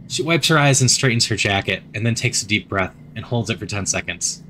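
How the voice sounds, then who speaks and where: A man's voice: fairly low pitch, lively intonation, a little fast, few pauses, sharp tone, slight background noise. A man reading a story game aloud as he plays, adding wry asides of his own. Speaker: narrator of a story game playthrough. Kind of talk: narrated playthrough.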